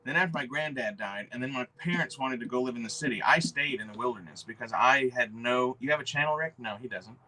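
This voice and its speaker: A man's voice: mid-range voice, fast, few pauses, bright, forceful tone. A man hosting a livestream, rambling casually, cursing often and answering the chat. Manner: rambling, profane, reads chat aloud. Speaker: livestream host.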